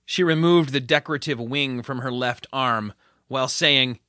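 A male audiobook narrator with a bright, forward tone. His delivery is steady and measured. It is recorded close and dry, without any room sound. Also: mid-range voice, smooth, no room sound. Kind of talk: scripted narration.

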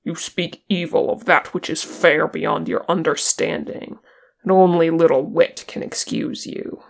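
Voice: mid-range voice, big pitch swings, normal speed, gravelly, exaggerated voice. A reader voicing a fierce, loyal male dwarf warrior who growls and bristles with indignation in an audiobook. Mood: indignant. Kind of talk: audiobook character reading.

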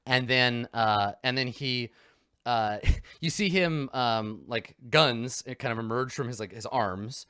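A man's voice: mid-range voice, takes it slowly, sharp tone, smooth, no echo, studio quality. A man narrating as game master in a loose, rambling way with many fillers.

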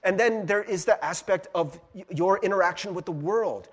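A man's voice: sits high, moderate pace, slightly rough. A man, the pastor, preaching a sermon in a casual, conversational way, often tossing in "right?" and laughing at himself. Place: church sanctuary. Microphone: handheld or stand mic.

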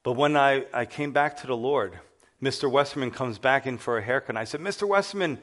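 Middle-aged guy preaching, telling his story with lots of life, acts out the voices, mid pitch. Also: steady tone, a little fast, a bit bright. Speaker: pastor. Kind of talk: sermon testimony.

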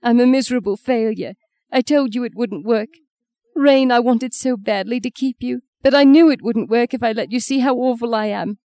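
A woman's voice: on the high side, unhurried, a little mellow, pitched above the performer's own voice, close to an everyday voice. A woman reading the part of an insecure young woman who is crying and pleading. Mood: tearful.

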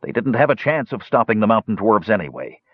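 A man's voice: lowish voice, big pitch swings, brisk, breathy edge, no echo, highs cut off. A man voicing an impulsive, earnest male dwarf leader who speaks urgently. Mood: relieved. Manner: urgent, frustrated.

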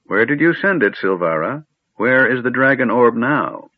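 Doddering old wizard, stern then scatterbrained, read by a man, husky, narrow audio. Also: medium pitch, big pitch swings, moderate pace, no room sound, voice pushed up. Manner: shifts from stern to absent-minded and chatty. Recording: narrow phone-like sound.

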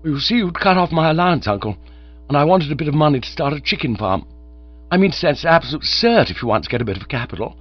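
A man voicing a sheepish young English gentleman who explains himself in a flustered, rushed way, on a dull recording with a mains hum. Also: fairly high pitch, sing-song, dry recording, pitched above the performer's own voice.

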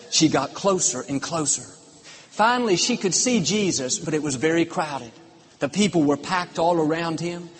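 Emphatic preacher in a reverberant hall. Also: male voice, fairly high pitch, breathy edge. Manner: upbeat, emphatic preaching with rising declarations. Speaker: pastor. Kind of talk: sermon. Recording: long reverb of a large hall.

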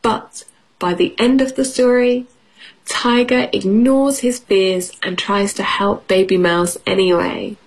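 A woman's voice: mid-range voice, fairly even intonation, takes it slowly, husky, poor audio. A woman teacher reading a picture book aloud to children, encouraging them and asking questions. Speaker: English teacher.

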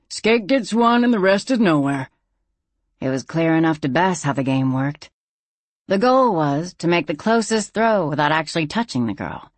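A narrator reading a novel aloud in a measured, even storytelling manner. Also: mid-range voice, no room sound. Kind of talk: scripted audiobook narration.

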